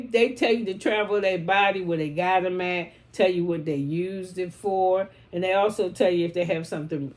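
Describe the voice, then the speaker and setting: A woman with a lowish voice recaps a show in loose, casual chat. She is blunt and swears freely, dropping into the voices of the people she quotes without stopping the story. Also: darkish tone. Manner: blunt, profane, slangy storytelling; acts out quoted lines in passing.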